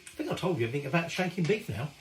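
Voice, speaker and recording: A man's voice: on the high side, animated, racing, echoey room, slight background noise, poor audio. A middle-aged man, rambling casually and swearing mildly as he cooks in his home kitchen. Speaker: cooking show host. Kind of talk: casual cooking vlog chat.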